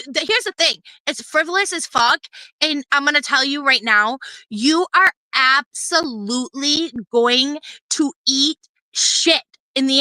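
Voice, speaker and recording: Woman streamer, angry profane rant, sharp high voice, dry close sound. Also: dry recording, rough recording. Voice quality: profane, repetitive, confrontational. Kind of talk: heated ranting commentary.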